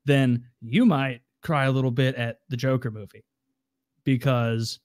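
A man talking eagerly in a casual chat, with an ordinary middle-pitched voice. The sound is dry and close, with no room around it. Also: fairly even intonation, a little slow, a little mellow, no echo.

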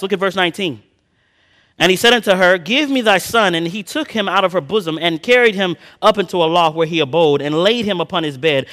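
A man preaching a sermon, reading scripture slowly and swinging between loud emphatic passages and quiet personal asides. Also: high voice, animated. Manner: slow drawn-out Bible reading.

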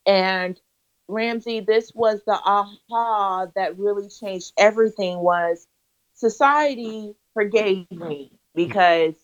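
A woman's voice: mid-range voice, slow. A woman guest on an interview, telling her story in an earnest, emphatic way with a preacher-like cadence. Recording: slightly dull lo-fi audio.

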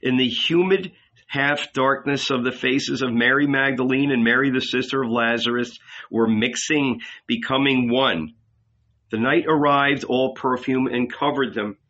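A male narrator reads a literary novel aloud in slow, measured tones. His voice is bright and clear, though the recording itself sounds dull and lo-fi. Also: medium pitch. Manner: slow, measured, solemn reading. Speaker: audiobook narrator.

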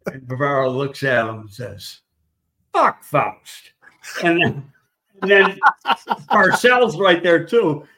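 A man's voice: on the high side, measured pace, bright, forceful tone, echoey room. An older man, a guest in a casual chat, telling blunt, rambling football stories with swearing and restarts. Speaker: guest, former football scout.

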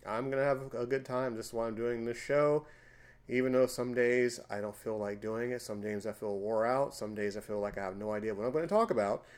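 A man in his forties hosting a casual podcast chat, telling stories with loud, emphatic bursts. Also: medium pitch, a little fast. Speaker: podcast host.

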